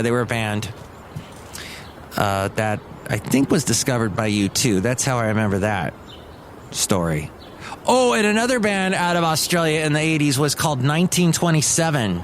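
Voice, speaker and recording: A man hosts his own comedy podcast, rambling and wandering from one topic to the next. His voice sits at an ordinary mid pitch. A faint background noise is present. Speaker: podcast host and radio worker.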